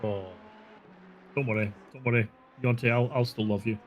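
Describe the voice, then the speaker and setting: A man's voice: medium pitch, steady tone, normal speed, slight background noise. A man co-commentating a sim race, making dry, teasing quips. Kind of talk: casual commentary banter.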